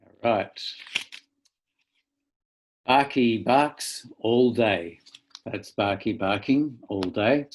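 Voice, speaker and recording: Man reading a children's book aloud, slow and playful. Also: fairly low pitch, slight background noise. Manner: playful, theatrical reading with loud barks. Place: at home, online video link.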